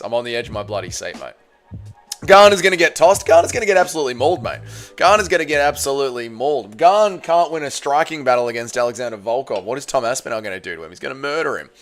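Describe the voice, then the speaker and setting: A hoarse man with an Australian accent hosting a casual livestream, reading viewer comments with loud, playful banter. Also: medium pitch. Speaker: livestream host.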